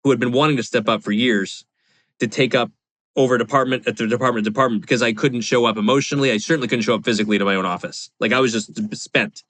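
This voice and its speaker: A man's voice: medium pitch, fairly even intonation, fast, a bit bright, no room sound. Guy in his 40s on a podcast, rambly and confessional, dry close sound. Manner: rambling, confessional, lots of fillers. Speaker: podcast guest, real estate investor. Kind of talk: candid storytelling interview.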